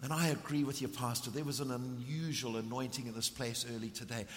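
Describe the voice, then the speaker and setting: A middle-aged man from Africa, preaching a passionate sermon that swings from ringing emphasis to hushed intensity. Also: mid-range voice, steady tone, brisk, a little hiss or hum. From South Africa. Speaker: visiting preacher. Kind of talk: sermon with storytelling. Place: church hall. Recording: long reverb of a large hall.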